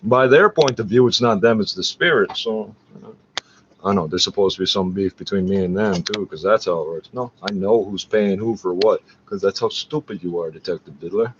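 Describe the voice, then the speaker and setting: Low-voiced man, profane rambling rant. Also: a little fast, dull audio, background noise. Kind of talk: rambling screen-share rant.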